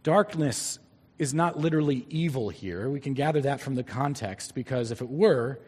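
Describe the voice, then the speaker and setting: Husky-voiced preacher in a reverberant hall. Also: male voice, mid-range voice, animated, darkish tone. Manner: deliberate, stretching key words for emphasis. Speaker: pastor. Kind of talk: sermon.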